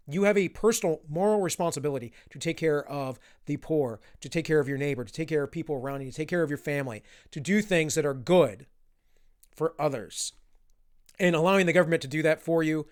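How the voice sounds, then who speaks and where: Blunt Southern-accented man, fairly high voice. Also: clear, resonant tone. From Southern United States. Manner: blunt, opinionated. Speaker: political commentator. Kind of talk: opinionated solo commentary.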